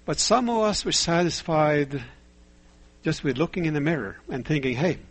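A man delivers a sermon in a steady, measured way, often pausing to ask rhetorical questions and tell stories. His voice sits a little high and has a husky edge. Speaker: preacher.

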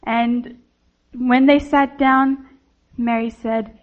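A woman gives a children's sermon in a gentle storytelling voice, speaking straight to the kids. Her voice is high. The recording sounds slightly dull and lo-fi. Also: a little slow.

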